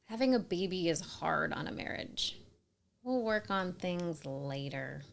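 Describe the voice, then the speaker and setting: A woman in her thirties telling her own story in scripted narration, earnest and emphatic, sometimes dropping to a soft whisper. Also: fairly low pitch, a little hiss or hum. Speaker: storyteller sharing a personal experience.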